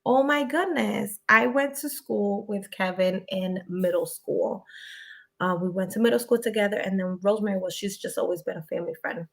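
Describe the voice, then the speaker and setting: A young woman talking casually on a live video stream. She reads viewer comments aloud and greets people in a chatty, friendly way. Her voice sits at an ordinary middle pitch for a woman. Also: fairly quick, creaky. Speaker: YouTuber answering viewer questions.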